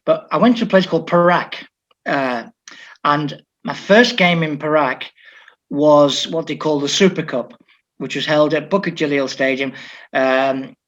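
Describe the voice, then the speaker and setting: An older man from Liverpool, a football coach, telling stories in an animated way with frequent restarts. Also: on the high side, measured pace. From Liverpool, England. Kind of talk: storytelling interview talk. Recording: dull lo-fi audio.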